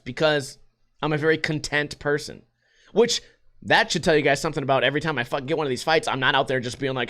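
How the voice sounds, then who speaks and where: A man's voice: mid-range voice, fast talker, sharp tone. A man hosting a podcast, telling a restaurant story in a casual, ranting, profane way. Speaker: podcast host. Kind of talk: casual chat.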